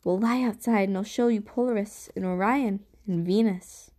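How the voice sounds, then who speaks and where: A woman's voice: medium pitch, moderate pace, dark tone, close to an everyday voice. A woman voicing an enthusiastic uncle who loves the stars, telling his stories with eager wonder. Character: enthusiastic stargazing uncle, adult man.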